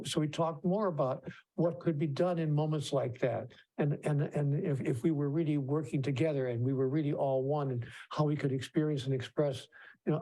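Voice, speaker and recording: This keynote speaker and author has a fairly high, warm voice as he recounts something from his own life at a conference. He often starts sentences over and performs the voices of the people in his anecdote.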